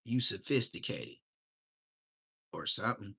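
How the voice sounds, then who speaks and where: Man from Southern California, livestream host, slangy and loose, bright tone, pitch all over the place. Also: unhurried, gravelly, breathy edge. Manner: animated, slangy, laughs a lot. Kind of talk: casual livestream reaction chat.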